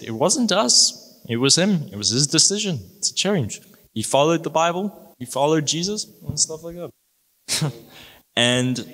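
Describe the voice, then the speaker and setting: A young man giving an emotional personal testimony in halting, restarting sentences. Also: mid-range voice, pushed and bright. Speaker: testimony speaker. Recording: hall reverb.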